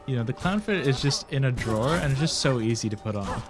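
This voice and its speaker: A man's voice: medium pitch, expressive, moderate pace, music in the background. A young man with a nasal voice, rambling casually while streaming a game, laughing often and swearing now and then. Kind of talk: casual gaming stream chat.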